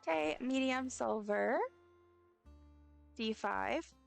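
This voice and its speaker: A woman's voice: a little high, takes it slowly, gravelly, clean tone, faint music behind. A young woman streaming a game, chatting to her viewers in a rambling, friendly way as she plays. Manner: rambling, chatty, talks straight to her chat. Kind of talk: casual live-stream chat while playing.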